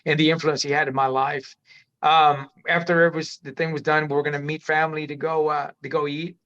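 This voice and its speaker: A man's voice: a little high, little pitch movement, a little fast, fairly bright tone. A middle-aged man, a podcast guest, telling his life story candidly in a rambling way, restarting sentences and calling the host "man" often. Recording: dull lo-fi audio.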